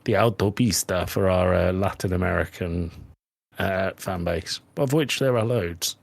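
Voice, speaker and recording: A man co-hosting a podcast, bantering with friends in an animated, teasing way and swearing freely. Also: deep voice, unhurried, gravelly, no room sound, studio quality. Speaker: podcast co-host. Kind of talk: casual banter.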